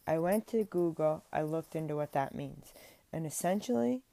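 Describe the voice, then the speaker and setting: Earnest rambling woman, low, dry sound. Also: lively intonation, moderate pace, gravelly, dark tone, no echo. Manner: earnest, rambling, with many restarts and "like". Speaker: faith vlogger. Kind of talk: casual spoken faith monologue. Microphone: speaking into a mic.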